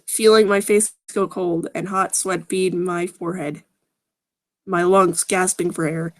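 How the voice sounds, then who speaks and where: A woman's voice: on the low side, steady tone, unhurried. A woman reading fan fiction aloud with sarcastic, groaning asides. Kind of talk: mocking dramatic reading with commentary.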